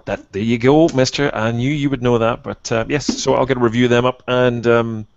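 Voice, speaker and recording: A man's voice: mid-range voice, fairly even intonation, creaky, no room sound, dull audio. A man co-hosting a casual hobby podcast, chatting eagerly and praising what he sees. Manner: enthusiastic, quick to praise. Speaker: podcast co-host.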